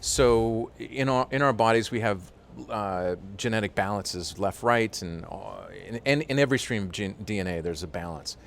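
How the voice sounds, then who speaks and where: A man with a low, grounded voice talks as a guest in a relaxed interview. He tells his stories with energy and fills his pauses with "uh" and "you know". The delivery is loose and conversational. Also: creaky, slight background noise. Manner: animated storyteller with frequent fillers. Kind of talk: casual interview chat.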